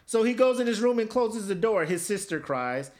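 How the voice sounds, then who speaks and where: A man's voice: sits high, moderate pace. A man co-hosting a podcast, telling stories in a casual comedic chat and slipping into silly voices. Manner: animated storytelling, slips into silly voices. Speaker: podcast co-host.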